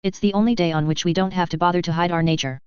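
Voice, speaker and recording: A woman's voice: lowish voice, fairly even intonation, very fast, darkish tone, clear, resonant tone, no room sound, lightly acted. A woman reading as a servile horned furry creature. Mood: deferential. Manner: deferential report, addressing lord. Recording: slightly dull lo-fi audio.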